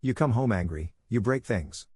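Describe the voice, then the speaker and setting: Weary, quiet wife, read by a man. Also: fairly low pitch, lively intonation, moderate pace, breathy edge, dry recording. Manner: quiet, restrained. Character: weary wife ending her marriage, grown woman. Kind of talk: scripted story reading.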